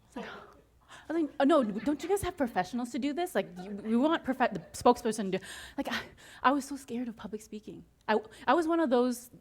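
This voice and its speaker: Excitable woman telling her success story. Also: fairly high pitch, fast. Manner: excitable, laughs often, acts out her own reactions. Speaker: motivational speaker. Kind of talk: inspirational story told to an audience.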